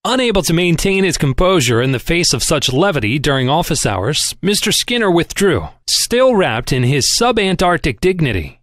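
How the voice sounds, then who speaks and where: A man narrating a novel in an expressive audiobook reading. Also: fairly high pitch, normal speed, hardly any pauses, no echo, clean studio sound. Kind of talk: scripted narration.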